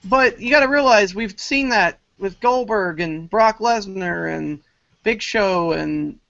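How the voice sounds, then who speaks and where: Rambling high-voiced man, dry close sound. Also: creaky, pushed and bright, dry recording. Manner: rambling, filler-heavy, quick retelling. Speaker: wrestling show co-host. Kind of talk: casual podcast chat. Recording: dry, dull lo-fi podcast audio.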